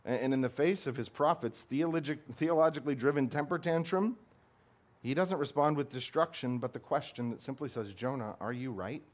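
A man's voice: a little high, brisk. A man preaching a sermon as a pastor, earnest and emphatic, posing rhetorical questions to his congregation.

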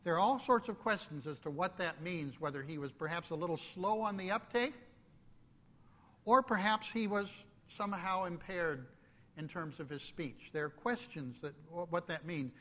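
High-voiced male preacher in a reverberant hall. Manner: preaching with slow emphatic phrases and sudden drops to quiet. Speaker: pastor. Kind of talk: sermon.

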